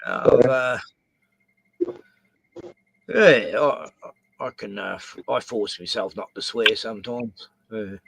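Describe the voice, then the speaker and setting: A man's voice: fairly low pitch, slow pace, vocal fry, long pauses, a bit bright, slightly rough, dry recording. An Australian man hosting a late-night live stream, chatting casually and swearing freely, often trailing off mid-sentence. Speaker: streamer host.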